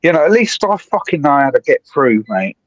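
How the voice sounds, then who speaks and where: A man, calling into a live stream and rambling excitably with plenty of swearing. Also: a little high, brisk, no room sound. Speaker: guest caller on a live stream. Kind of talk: rambling casual chat. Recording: dull dry call audio.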